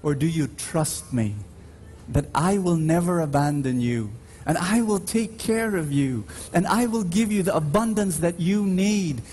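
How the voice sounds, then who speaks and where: This is a man preaching at Mass in a big church, his voice on the high side, somewhat mellow, with a breathy edge. He calls out emphatically to the congregation, who respond, and he stretches his stories out slowly, building them with dramatic rises.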